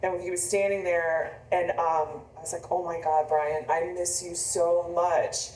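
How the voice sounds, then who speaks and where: A woman's voice: on the low side, level tone, measured pace, a little mellow, slight background noise. A woman in her fifties, an author, telling a personal story in a rambling, conversational way with frequent restarts. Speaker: author on book tour. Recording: echoey room, mic from a distance.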